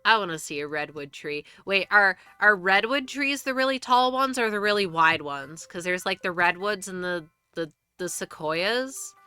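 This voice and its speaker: A woman's voice: mid-range voice, lively intonation, moderate pace, few pauses, pushed and bright, clean tone, no echo, soft background music. A young woman streaming live, chatting casually and rambling with frequent restarts and free swearing.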